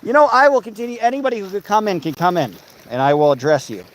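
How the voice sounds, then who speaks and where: A man's voice: sits high, big pitch swings, fast talker. A man livestreaming while walking outdoors, reading viewer comments aloud and bantering with his chat.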